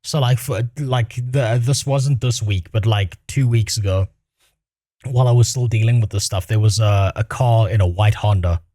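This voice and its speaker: A man's voice: lowish voice, moderate pace, dark tone, dry recording, clean studio sound. A man streaming his reaction to a clip, in casual, crude, rambling talk that keeps breaking into laughter.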